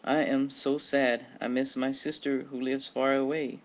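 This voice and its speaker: A man reading a children's storybook aloud and voicing a small, timid female shellfish in a raised, excited voice. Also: mid-range voice, unhurried, lightly acted.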